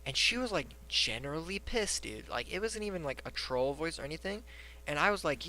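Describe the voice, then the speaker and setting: A man hosting a casual podcast, telling a story in an animated way and swearing casually. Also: fairly high pitch, brisk. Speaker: podcast host.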